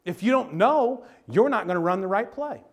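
Guy preaching, kinda high voice, folksy stories, gets loud then real quiet. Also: normal speed. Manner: animated, folksy storytelling with sports analogies; swings from loud emphatic bursts to low quiet asides. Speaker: pastor. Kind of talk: sermon.

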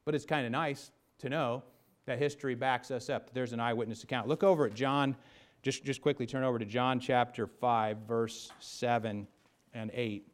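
A man preaching a sermon, rising into emphatic bursts and then dropping low, often restarting words as he builds a point. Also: steady tone, moderate pace. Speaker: pastor.

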